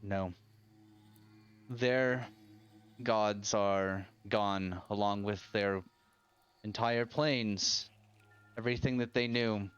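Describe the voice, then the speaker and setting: A man voicing a solemn dwarf temple leader who speaks slowly and gravely. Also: steady tone, a bit bright, dry recording, highs cut off, soft background music. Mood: grave, somber. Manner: slow, low, somber and measured.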